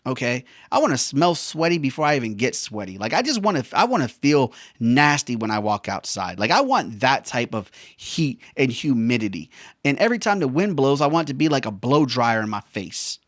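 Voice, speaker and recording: A man's voice: mid-range voice, sing-song, brisk, fairly bright tone, dry recording, clean studio sound. A man, a veteran and former helicopter pilot, rambling casually with slangy jokes. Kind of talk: casual monologue.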